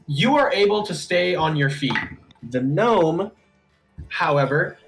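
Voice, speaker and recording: A man's voice: on the high side, animated, slow, a bit bright, soft background music, poor audio. A man narrating as game master, casual, with many fillers.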